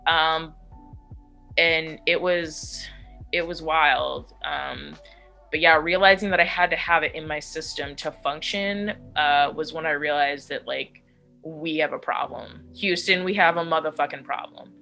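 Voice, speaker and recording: A woman in her thirties telling her own story in an interview, frank and unfiltered, swearing as she goes. Her voice sits low but has a bright, forceful edge. Faint music plays behind her. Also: a little slow, creaky. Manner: blunt and frank, with frequent swearing and fillers. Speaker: interviewee sharing a recovery story. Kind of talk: candid personal storytelling.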